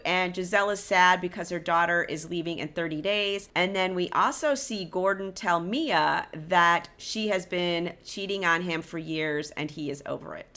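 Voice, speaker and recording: A woman's voice: mid-range voice, sharp tone. A woman hosting a casual TV recap, candid and opinionated, talking straight to her viewers. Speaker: reality TV recap host.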